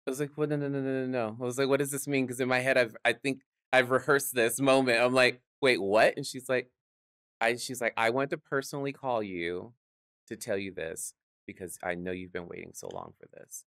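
A man who works as a drag performer, telling lively stories in a studio interview, acting out other people's voices and laughing often. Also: medium pitch, a little fast, clear, resonant tone, no room sound. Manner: animated, acts out quoted voices, laughs often. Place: podcast studio.

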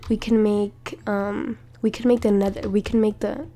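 Excitable young woman gaming. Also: mid-range voice, moderate pace. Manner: excitable, gasping, repeats herself. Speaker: gaming YouTuber. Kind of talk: excited Minecraft let's play commentary.

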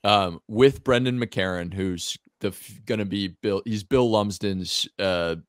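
A man in his thirties, a guest on a podcast, telling a story in a lively, animated way. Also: fairly low pitch, a little slow, no echo, studio quality. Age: 30s. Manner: animated, lively storyteller who acts out other people's lines and laughs often. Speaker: whiskey brand founder, podcast guest.

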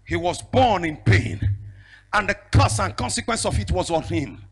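A male evangelist, preaching a fiery sermon with prophetic declarations. He moves between shouted declarations and a low storytelling voice. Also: very animated, moderate pace, husky. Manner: bursts into speaking in tongues.

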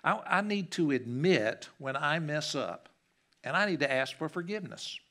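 A middle-aged man preaching a sermon in a church, telling a personal story that swings from loud and animated to quiet and soft. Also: on the high side, moderate pace. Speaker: pastor. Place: church sanctuary.

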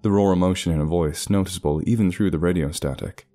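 A man giving scripted horror story narration in a measured, deliberate way. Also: low-pitched, warm tone.

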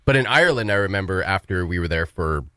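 A man co-hosting a radio show, chatting in a relaxed, conversational way. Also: low voice, fast talker, no echo, studio quality. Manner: relaxed, conversational, short interjections. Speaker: radio co-host. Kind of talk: casual studio chat. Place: radio studio.

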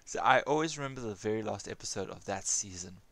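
A man chatting casually while playing an online game, laughing easily and getting animated when he tells a story. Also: lowish voice, fast talker, dry recording. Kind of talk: casual chat while gaming.

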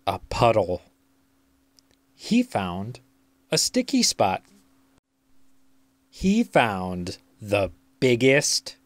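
A children's book reader telling a picture-book story aloud, slow, deliberate and expressive. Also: medium pitch, no echo.

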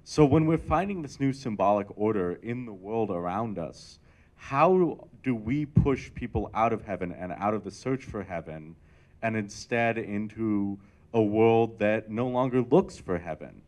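A man's voice: fairly low pitch, a little mellow. A man from the audience asking a long, thoughtful question.

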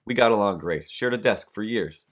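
A man hosting a podcast, telling rambling stories with deadpan jokes in a casual, comedic monologue. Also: lowish voice, moderate pace. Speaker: podcast host.

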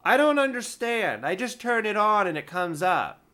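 A man's voice: high voice, sing-song, moderate pace, bright, forceful tone, voice pushed up, full character voice. A man voicing a confused, stubborn customer calling tech support, baffled and insistent.

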